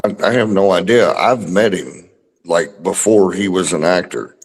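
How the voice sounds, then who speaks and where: A man from Louisville with a deep voice and Kentucky accent, chatting bluntly on a livestream with plenty of swearing. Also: moderate pace, husky, big-room sound. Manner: blunt, swears freely, self-deprecating. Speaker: livestream co-host. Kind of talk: casual chat.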